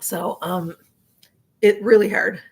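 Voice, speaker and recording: A middle-aged woman with a Chicago accent hosts a live stream in a casual, rambling chat, reading out viewer comments, her voice going a little hoarse. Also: mid-range voice, fairly even intonation, takes it slowly. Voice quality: rambling, chatty, with frequent fillers and restarts. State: voice getting hoarse.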